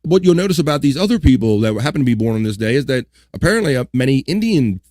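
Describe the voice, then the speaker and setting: A man's voice: medium pitch, fast, no room sound, clean studio sound. Casual man hosting a livestream. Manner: relaxed, joking asides, reads items aloud. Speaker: livestream host. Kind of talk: casual chat reading on-this-day history.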